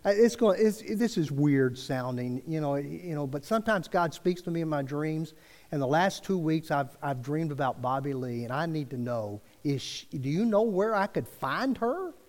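A man's voice: a little high, animated, moderate pace, few pauses, a little mellow, in a large hall. A man preaching, telling a personal story in a conversational way and acting out the dialogue with frequent restarts. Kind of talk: sermon storytelling.

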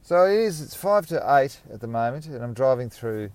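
A man's voice: mid-range voice, animated, normal speed, darkish tone, smooth, dry recording. A young man hosting a casual solo podcast from his car, musing and rambling while he drives. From Australia. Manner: rambling, musing, self-correcting. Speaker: podcast host. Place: inside a car while driving. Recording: faint road noise in a car. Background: car and street noise.

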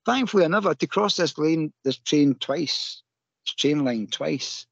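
A Scottish man, a podcast guest, telling a story in an animated, emotional way and laughing often. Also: on the high side, moderate pace, creaky, husky, no echo, dull audio. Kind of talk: casual storytelling.

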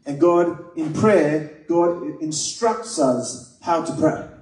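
A man's voice: fairly high pitch, slow, a little mellow. A man preaching a sermon, earnest and conversational, mixing scripture with personal stories. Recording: echoey room, mic at a distance.

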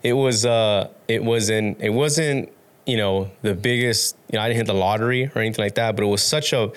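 A low-pitched young man talking in a loose, rambling way as a podcast guest. He restarts his sentences often, swears casually and laughs along as he goes. It sounds like relaxed interview chat. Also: a little fast, clear, resonant tone.

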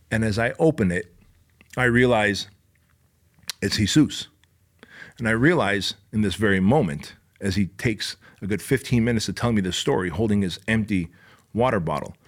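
A middle-aged man hosting his own podcast, delivering a motivational monologue. He swears freely and preaches with intensity, his pitch sitting in an ordinary middle range. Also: fairly bright tone. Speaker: podcast host.

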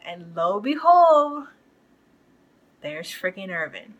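A woman hosting a podcast, recapping a TV episode in a loose, rambling way. She talks at a middle pitch and leans on fillers like "you know." The delivery is casual and unscripted. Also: sing-song, takes it slowly, lo-fi sound. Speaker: podcast host.

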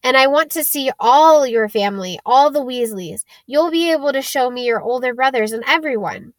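A woman reading the part of an eleven-year-old boy wizard in an audiobook, with urgent, hushed and excited lines. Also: high voice, moderate pace, no echo. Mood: earnest.

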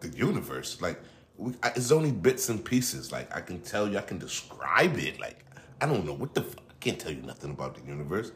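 A middle-aged man hosting his own podcast speaks a little fast in a low, somewhat bright voice with big pitch swings, over a little hiss or hum. His casual solo monologue rambles profanely, full of restarts and asides.

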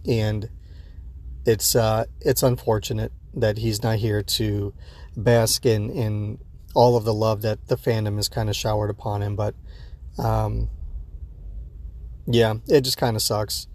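A man's voice: lowish voice, level tone, unhurried, pauses often, a little mellow. A man talking casually and unscripted as a podcast host reacting to an episode, rambling with many fillers and restarts, a bit sleepy early in the day.

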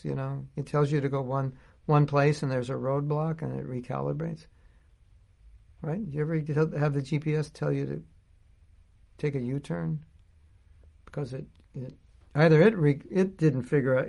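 A man's voice: on the high side, vocal fry. A middle-aged man giving an informal spiritual talk, thinking aloud and searching for his words as he goes. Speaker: spiritual teacher.

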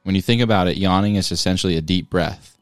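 Male podcast co-host, deep voice, playful and rambling, dry mic with faint music beneath. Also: fast talker, no echo. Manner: playful, rambling trivia explanations. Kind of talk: casual chat.

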